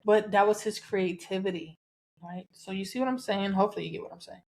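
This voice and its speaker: A woman's voice: mid-range voice, steady tone, fairly quick, darkish tone. Candid Southern woman podcaster. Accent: Southern American. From American South. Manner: candid, chatty, frequent laughs and cussing. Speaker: podcast host. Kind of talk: casual solo podcast talk.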